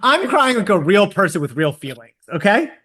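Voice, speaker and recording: A man co-hosting a casual book podcast, theatrical and profane, with quick swings in pitch. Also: sing-song, fairly bright tone. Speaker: podcast co-host. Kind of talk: casual book-club chat.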